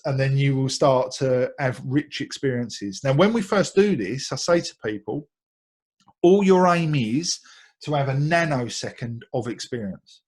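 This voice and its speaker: A man's voice: mid-range voice, darkish tone, husky. A man with an Essex accent giving a light-hearted talk on meditation, often repeating words and laughing along the way. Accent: Essex English. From Essex, England. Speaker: meditation teacher.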